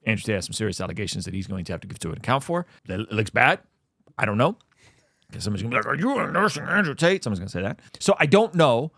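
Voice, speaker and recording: A male podcast host in casual reaction chat, with a lively, swooping pitch and a fast, tumbling delivery. He restarts phrases as he goes, and the sound is dry and close. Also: gravelly, no room sound. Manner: animated, quick, with repeated restarts.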